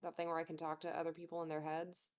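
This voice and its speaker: A woman's voice: sits low, monotone, quick pace, darkish tone. A woman playing a tabletop game, talking casually and hesitantly with many fillers. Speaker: player.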